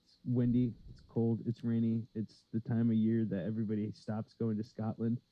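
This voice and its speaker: A man's voice: fairly low pitch, completely flat delivery, moderate pace, no room sound. A man co-hosting a comedy podcast in casual, rambling chat with lots of fillers. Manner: laid-back, rambling with many fillers. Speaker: podcast co-host. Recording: slightly dull lo-fi sound.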